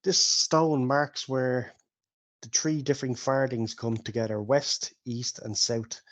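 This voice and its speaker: A man voicing an elderly male hobbit gentleman, cheery and chatty, who kindly explains the way. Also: medium pitch, fairly even intonation, slow pace, close to an everyday voice. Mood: genial.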